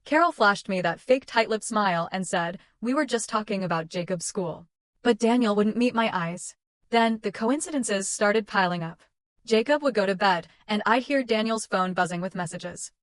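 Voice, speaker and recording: Young woman narrator, mid-pitched, clipped dramatic reading, dry close sound. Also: animated, no room sound. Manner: measured, clipped dramatic delivery. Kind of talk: scripted first-person story narration.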